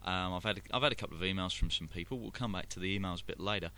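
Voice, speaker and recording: A man's voice: low voice, very fast, bright, forceful tone. Rambling London man hosting internet radio. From London, England. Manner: rambling, many fillers and restarts. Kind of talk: casual live radio chat.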